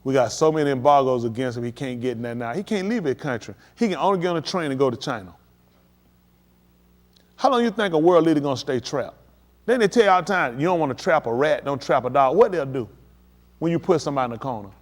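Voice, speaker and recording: Man, livestream preacher, emphatic, direct address, fairly high pitch. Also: fast. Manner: emphatic, addresses listeners directly, rising to excited peaks. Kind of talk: livestream preaching on world events.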